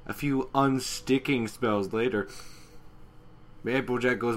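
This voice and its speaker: A man's voice: on the low side, brisk, slight background noise. A young man co-hosting a casual podcast, recapping a comic, swearing freely and reading out the characters' lines. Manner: lively, profane, reads characters' lines aloud. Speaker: podcast co-host.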